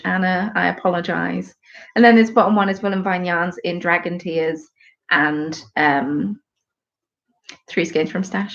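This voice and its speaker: A woman's voice: mid-range voice, muffled recording. Chatty woman knitting on a live stream. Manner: chatty and rambling, reading out viewer comments; knitting while she talks. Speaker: host of a knitting podcast. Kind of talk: casual live-stream chat. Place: at home.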